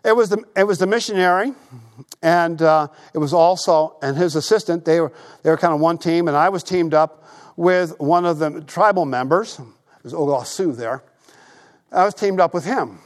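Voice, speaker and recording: Guy preaching in church, kinda high voice, talks like he's just chatting, story after story. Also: normal speed. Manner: animated conversational storytelling, repeats phrases. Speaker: pastor. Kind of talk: sermon.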